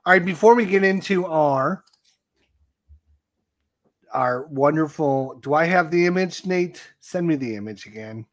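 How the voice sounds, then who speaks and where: A man hosting a casual live stream, chatty and quick to tease his co-host. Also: fairly high pitch.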